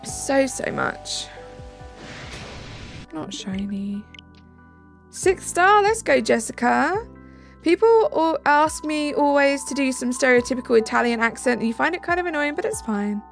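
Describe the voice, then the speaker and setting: A gravelly, high, animated voice belongs to a British woman hosting a live stream at a measured pace, pausing often. She chats away, reading and answering viewers' messages and thanking them, as faint music plays behind her.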